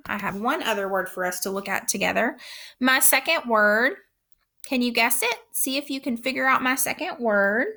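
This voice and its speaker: Speaking to young children in a recorded phonics lesson, this teacher takes her time, patient and precise in her enunciation. She sounds a little high, animated and sharp.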